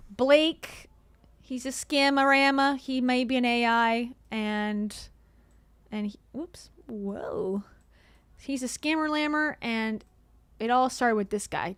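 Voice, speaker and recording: A woman's voice: fairly high pitch, dry recording. A woman streaming casual reaction commentary, chatty and sarcastic, laughing often.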